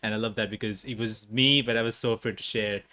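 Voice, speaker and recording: A man's voice: on the low side, steady tone, fast talker, bright, forceful tone. A man hosting an interview in English, which is not his first language, talking eagerly with many fillers and giggles. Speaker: interview host. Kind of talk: casual interview chat.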